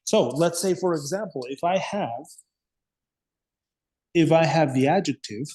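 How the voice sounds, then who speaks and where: A man's voice: fairly high pitch, animated, measured pace, darkish tone, breathy edge. A man teaching an English grammar lesson, patiently repeating words and checking understanding with frequent "okay?" and "yes?".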